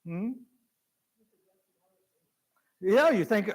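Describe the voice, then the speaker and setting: A man's voice, a little high and unhurried, leads a relaxed Bible lesson in church. Chuckling, he slips into the voices of characters from the scripture with lively changes in tone.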